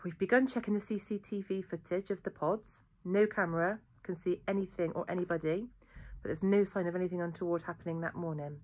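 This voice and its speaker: A woman voicing a calm, patient female police inspector who speaks in a measured, reassuring way. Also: fairly low pitch, close to an everyday voice.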